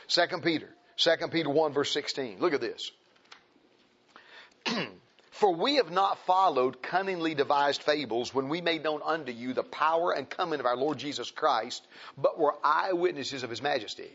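A man's voice: mid-range voice, moderate pace, fairly bright tone, lo-fi sound. A man preaching a sermon, repeating phrases for emphasis and reading scripture aloud in King James wording.

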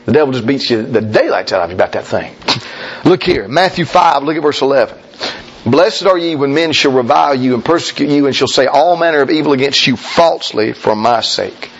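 A man preaching a sermon, folksy and emphatic, with sudden shouts and slow drawn-out lines. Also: mid-range voice, animated, husky, highs cut off.

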